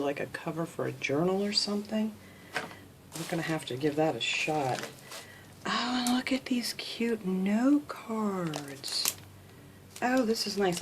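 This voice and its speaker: A woman hosting a craft channel, chatting casually while unboxing mail, gushing, gasping often and sometimes dropping to a soft whisper. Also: lowish voice, background noise.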